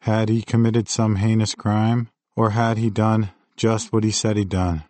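A man narrating his memoir as an audiobook in a measured, vivid storytelling delivery. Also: fairly low pitch, flat delivery, darkish tone, dry recording.

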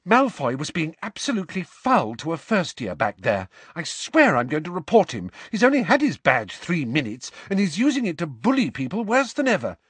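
A man voicing a brisk, indignant teenage girl in a storybook reading. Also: a little high, huge pitch swings, a bit bright, husky, no room sound, pitched above the performer's own voice, full character voice.

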